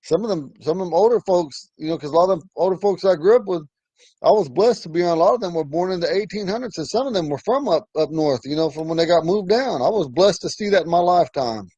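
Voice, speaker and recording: A middle-aged man with a slightly high voice leads a casual language class. He talks in loose, rambling stories and breaks into chuckles as he goes. The sound is dry and close. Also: lively intonation, fast talker, warm tone, slightly rough, no echo, dull audio. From Ponca community, Nebraska. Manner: rambling storytelling, chuckles often. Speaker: language teacher. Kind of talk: informal language lesson.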